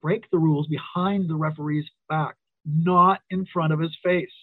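A middle-aged wrestling referee telling stories in a casual interview, animated when he quotes others. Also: on the high side, moderate pace, no echo. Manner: storytelling, animated quoting. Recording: tinny phone-like line.

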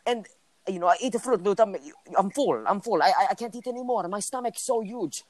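A man imitating a friend's strict mother in broken English, raising his pitch. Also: sing-song, moderate pace, fairly bright tone, full character voice. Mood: scolding.

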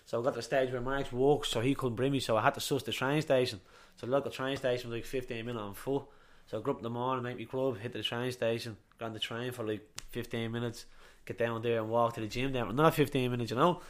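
A young Irish man, a boxer, telling stories in a casual interview, chatty and quick to swear. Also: medium pitch, steady tone. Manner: rapid, chatty, swears freely, repeats itself. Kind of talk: casual chat, storytelling.

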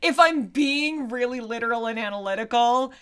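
A woman co-hosting a podcast in casual chat, laughing often and talking in an animated way. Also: on the high side, moderate pace, clean tone. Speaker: podcast co-host.

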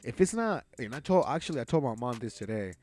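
A young man in casual podcast banter, swearing freely and jumping into high, mocking impressions of other people. His voice sits in a middle pitch. Faint music plays underneath. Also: sing-song, fast talker, a little mellow. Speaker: podcast co-host. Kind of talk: casual chat.

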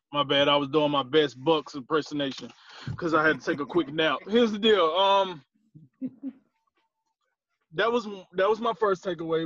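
A man's voice: a little high, fairly bright tone, no echo. Slangy joking man on a dull dry line. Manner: playful, slangy trash talk. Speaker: sports podcast co-host. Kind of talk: joking sports chat.

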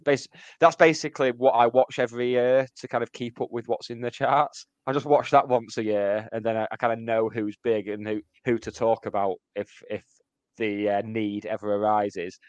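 A man with a smooth, clear voice co-hosts a casual music podcast, talking in a loose, rambling way and pausing to explain things for listeners. He sounds close and dry on the mic. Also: mid-range voice, steady tone, no room sound, highs cut off. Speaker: podcast co-host.

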